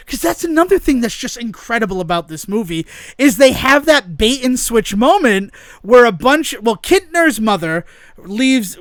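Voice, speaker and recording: A man's voice: sits high, fairly bright tone, no room sound, clean studio sound. A man co-hosting a podcast in casual chat, rambling enthusiastically and often laughing as he talks. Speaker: podcast co-host.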